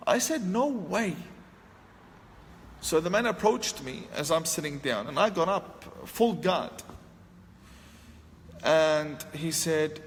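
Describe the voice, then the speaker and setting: A man with a fairly high voice tells a personal story a little slowly and with animation, raising his voice whenever he acts out his own past lines. It's storytelling talk, recorded with long hall reverb and faint ambient noise in the background.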